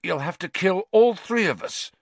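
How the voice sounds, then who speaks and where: A man's voice: high-pitched, expressive, normal speed, creaky, dry recording, pitched above the performer's own voice, heavily acted. A man voicing an injured teenage boy wizard who speaks through pain, strained and fierce.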